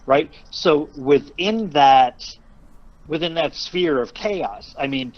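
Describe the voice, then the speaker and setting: A man's voice: on the high side, slow pace, a little mellow, lo-fi sound. Joking male podcast guest. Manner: joking, wry asides. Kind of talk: casual chat.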